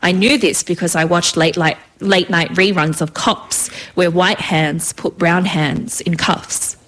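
A woman's voice: lowish voice, fairly even intonation, a little slow, fairly bright tone. A woman reading her own story aloud in a vivid, rhythmic way. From Australia.

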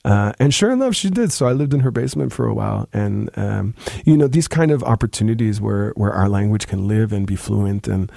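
A young adult man with a deep, gravelly voice, speaking as an interview guest in a thoughtful, halting way with many restarts. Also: steady tone, mellow, dry recording, studio quality. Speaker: musician guest. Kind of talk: casual interview talk.

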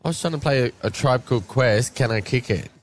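A man's voice: mid-range voice, fairly quick. A man with an Australian accent hosting a casual outside radio broadcast, laid-back and slangy. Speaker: radio host. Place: shed at an outdoor showground.

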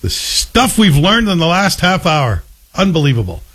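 A man's voice: sits high, sing-song, normal speed, a bit bright, husky. A man hosting a morning talk radio show, chatting casually and sharing bits of trivia.

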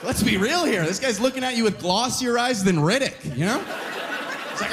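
A man from Alberta doing stand-up, rambling and leaning on "you know" constantly. His voice sits a little high and leaps all over the place. It sounds like a stage mic in front of a comedy club audience. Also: expressive, moderate pace, background noise. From Alberta, Canada. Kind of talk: stand-up set.

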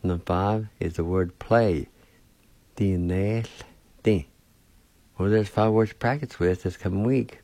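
A man hosting a radio language lesson, spelling out words and pronouncing them with slow, deliberate care. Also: lowish voice, mellow, no room sound. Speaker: language teacher and radio host.

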